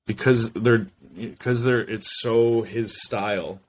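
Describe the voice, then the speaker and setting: A man's voice: fairly low pitch, steady tone, slow, background noise. A man hosting a solo podcast, rambling loosely from one thought to the next and swearing freely. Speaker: podcast host.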